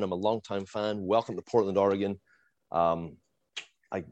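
A middle-aged man who moved to the United States from abroad, telling a long, animated fan story in casual chat, full of fillers and little laughs. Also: fairly low pitch, no echo.

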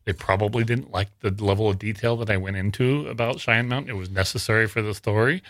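A man from Wyoming tells a story to a podcast host as a guest author. His voice is bright and forward, and the sound is close and dry. He rambles, restarting his sentences often. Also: on the low side, quick pace, no echo. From Wyoming, USA. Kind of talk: casual podcast interview.

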